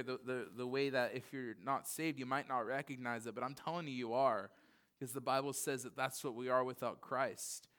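A man in his thirties with a voice pitched somewhat high for a man preaches a relaxed, conversational sermon. He drops in casual asides, then presses into earnest, emphatic points. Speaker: pastor.

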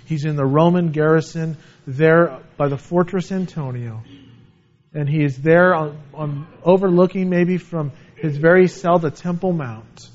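Pastor guy preaching, earnest, reads verses then explains, kinda high voice. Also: measured pace, darkish tone, muffled recording. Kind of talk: sermon.

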